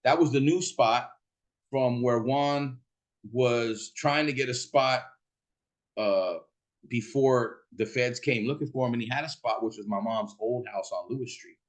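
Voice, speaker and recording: Profane man telling a rowdy story. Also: unhurried. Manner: profane, laughing, acts out quotes in a shouting high voice. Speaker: podcast host. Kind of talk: casual storytelling.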